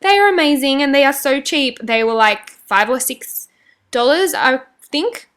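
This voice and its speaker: A woman's voice: high voice, lively intonation, measured pace, a bit bright. A young woman giving a chatty, rambling voice-over for a makeup tutorial, joking about her own slips. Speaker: beauty vlogger.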